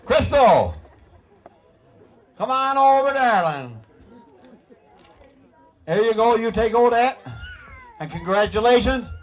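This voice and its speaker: A man's voice: extremely high pitch, sing-song, slow pace, pauses often. A man with a Newfoundland accent, leading a ceremony with teasing, folksy banter and frequent laughter. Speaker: master of ceremonies at a screech-in.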